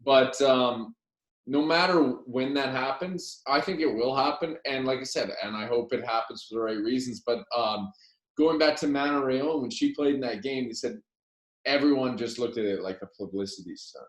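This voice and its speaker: A man's voice: medium pitch, moderate pace. A man co-hosting a casual hockey podcast, opinionated and rambling, often trailing off mid-sentence. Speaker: podcast co-host. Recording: echoey room.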